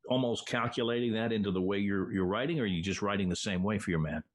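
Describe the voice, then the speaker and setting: An older man hosting a casual comedy roundtable over a video call, quick to jump in with questions. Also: lowish voice. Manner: quick, interjecting, steers the questions. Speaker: host.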